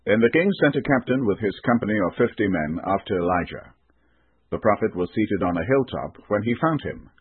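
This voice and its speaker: A man reading scripture aloud in a steady, solemn scripted delivery. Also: on the low side, brisk, husky, dry recording. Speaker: scripture reader. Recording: tinny band-limited recording.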